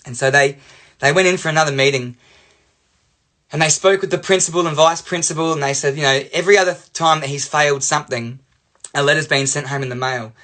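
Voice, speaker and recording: A young Australian man telling a personal story to camera in a chatty, animated way, full of "you know" and "like". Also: fairly high pitch, brisk. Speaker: life coach.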